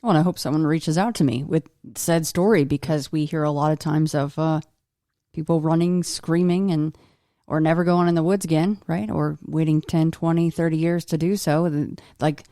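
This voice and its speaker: A woman's voice: deep voice, fairly even intonation, moderate pace, warm tone, dry recording, studio quality. A woman hosting a podcast interview, asking questions in a conversational way and checking in with "right?". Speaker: podcast host.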